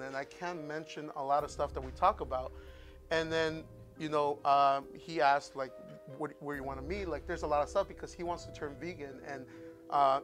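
A man's voice: a little high, fairly bright tone. A man on a casual podcast chat, telling rambling, profane stories and acting out the voices of people in them. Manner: profane storytelling, acts out voices. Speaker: guest.

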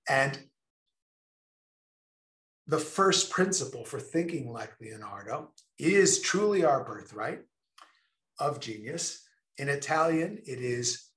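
A man giving an enthusiastic online presentation, stressing key words slowly and deliberately. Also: mid-range voice, fairly bright tone, roomy sound.

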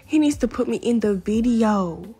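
Give me a teenage girl with a higher voice, gushing and excitable as she vlogs casually from her bedroom, soft music in the background. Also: normal speed, breathy edge. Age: teens. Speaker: vlogger. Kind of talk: casual vlog chat to viewers.

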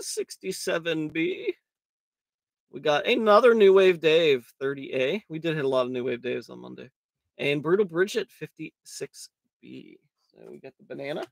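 A raspy-voiced man hosting a live card break, calling out cards in a crude, joking way and laughing often. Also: fairly high pitch, animated, normal speed, fairly bright tone, no room sound. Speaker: host of a live trading card box break. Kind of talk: casual live-stream commentary.

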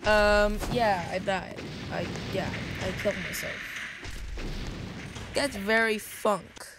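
A woman narrates her gameplay in a loose, rambling way and keeps breaking into sudden yells. Her voice sits at an ordinary middle pitch. A steady hiss of background noise runs under the whole recording. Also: slow pace. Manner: rambling, often bursts into yelling. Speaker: gaming video creator. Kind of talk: game commentary.

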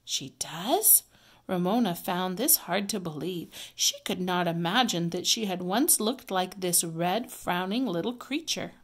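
A woman teacher reading a children's story aloud, clear, expressive and measured. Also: lowish voice.

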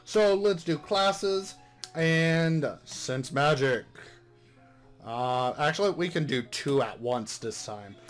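A man's voice: fairly high pitch, slow, faint music behind. A man hosting a casual game playthrough, chatting and reading the game text aloud. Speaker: gaming channel host.

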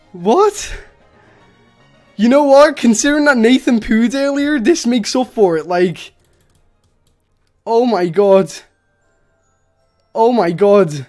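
A woman streaming a game live, chatting to viewers and breaking into excited shrieks and laughs of disbelief. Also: fairly high pitch.

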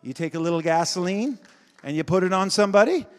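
A man preaching a revival sermon, swinging between shouting and quiet intensity and laughing often. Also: high voice, lively intonation, fast talker. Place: large church sanctuary. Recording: long reverb of a big hall.

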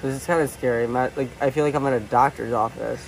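A man filming a playful challenge vlog, excitable and self-mocking, swearing often. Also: mid-range voice, fast, gravelly. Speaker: vlogger. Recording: noisy home recording.

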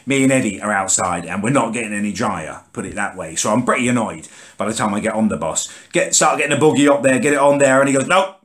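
A man's voice: lowish voice, fast talker. A young man, ranting in an exasperated, sweary way as the host of a comic vlog. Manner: exasperated, sweary, rants with lively rises and sudden drops. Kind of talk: comic character rant to camera.

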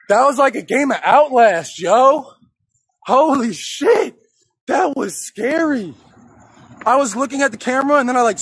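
A man's voice: very high voice, a little hiss or hum, low-quality recording. A man live-streaming outdoors on a city street, talking in profane slang and reacting jumpily, into a handheld camera. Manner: profane, slangy, jumpy and excitable.

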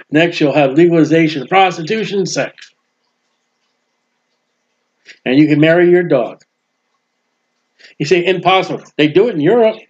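A man preaching a sermon with emphasis, swinging between loud proclaiming and quiet asides. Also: high-pitched, highs cut off.

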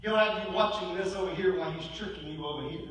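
A high-pitched, bright-toned male pastor preaches from a distance in a reverberant church sanctuary, faint room hum behind him. He moves between forceful declarations and hushed, near-whispered storytelling. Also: fast. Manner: preaching with dramatic swings between loud and hushed. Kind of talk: sermon. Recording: echoey church hall, mic at a distance.

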